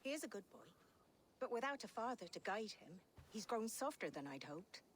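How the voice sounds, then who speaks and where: A woman's voice: on the high side, big pitch swings, moderate pace, a little hiss or hum. An actress playing a proud, defiant mother in a video game, speaking in a strong-willed, old-fashioned way.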